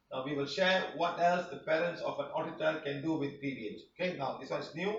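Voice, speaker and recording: In this online class presentation, a man whose voice sits a little high rambles through a healing lesson, repeating points to stress them. Slight background noise runs under the dull, distant, roomy sound.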